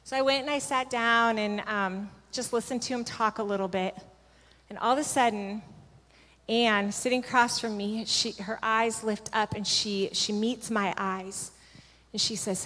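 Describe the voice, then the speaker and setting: A woman's voice: medium pitch, fairly even intonation, normal speed, fairly bright tone. A woman sharing a spiritual testimony with a gathering, telling her story earnestly and vividly. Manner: earnest, vivid storytelling that acts out what each person said. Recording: long hall reverb.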